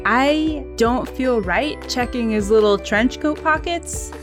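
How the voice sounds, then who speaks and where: A woman's voice: fairly high pitch, takes it slowly, voice pushed up. Woman doing baffled doctor, hesitant, rambling, faint music behind. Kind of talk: improv comedy scene.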